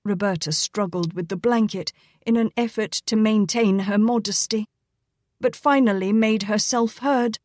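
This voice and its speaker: A woman narrating a romance audiobook in a measured, even reading. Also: mid-range voice, no echo, clean studio sound. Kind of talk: scripted narration.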